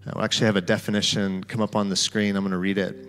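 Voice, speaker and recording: A man's voice: lowish voice, little pitch movement, racing, fairly bright tone, soft background music. A man preaching a sermon, telling a story in guided imagery and speaking to the listeners as "you". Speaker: pastor.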